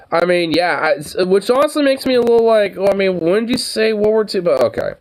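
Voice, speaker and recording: Rambling, laughing man with a high voice. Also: lively intonation, normal speed. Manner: rambling, laughing, swearing, many fillers. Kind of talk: casual commentary on an old newspaper.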